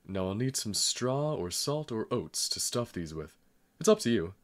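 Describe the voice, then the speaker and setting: A man's voice: on the low side, very animated, moderate pace, pitched above the performer's own voice. A man voicing an irritable old grandmother who scolds and complains. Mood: scolding. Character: stern, irritable old grandmother, fussy and proud.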